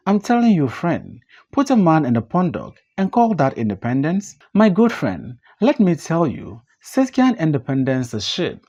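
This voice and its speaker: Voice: medium pitch, huge pitch swings, moderate pace, few pauses, warm tone. A reader doing Buntu, a tipsy outspoken man. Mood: scornful. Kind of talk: audiobook play reading.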